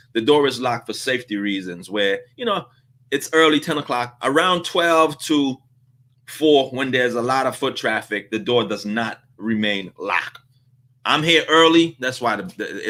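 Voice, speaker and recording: A man hosting a business vlog, telling a story in a casual, animated way and acting out the dialogue. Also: medium pitch. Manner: animated, laughs through his story, acts out dialogue. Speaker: vlog host on business advice.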